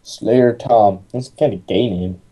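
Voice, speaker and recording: A man's voice: fairly low pitch, unhurried, dark tone. A young man playing a game with a friend, teasing and sarcastic in casual chat. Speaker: co-host gamer.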